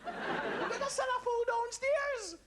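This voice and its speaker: Guy putting on a high squeaky old cleaning lady, scolding and shrewd, noisy live recording. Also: slow.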